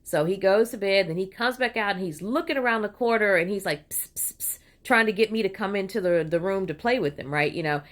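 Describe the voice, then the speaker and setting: A woman's voice: medium pitch, quick pace, hardly any pauses. Chatty woman telling a story. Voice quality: animated, puts on voices when quoting people. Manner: chatty, digressive, frequent "you know" and "right?". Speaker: vlogger. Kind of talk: casual storytelling monologue.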